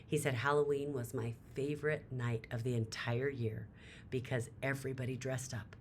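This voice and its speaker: A woman with an extremely low, steady voice speaks at normal speed, with a little hiss or hum in the audio. As a motivational speaker, she tells a story dramatically and emphatically, her voice climbing sharply at the emotional peaks.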